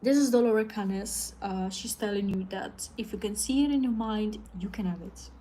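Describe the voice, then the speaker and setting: A woman's voice: mid-range voice, normal speed, dark tone. A woman on a live stream, ranting casually in a blunt, profane way.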